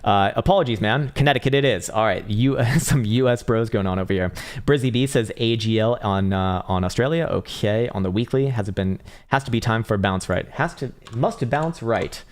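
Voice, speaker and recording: A man's voice: fairly low pitch, moderate pace. A young man hosting a casual live trading stream, talking through charts and answering chat in a loose, swearing, often laughing way. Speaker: trading analyst livestream host.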